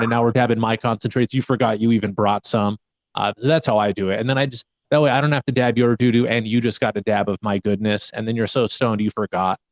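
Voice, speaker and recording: Man, cannabis vendor type, fast rowdy storyteller, dry mic. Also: mid-range voice, no echo. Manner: fast, animated, profane anecdotes. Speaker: show regular, cannabis vendor. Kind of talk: casual storytelling on a live stream.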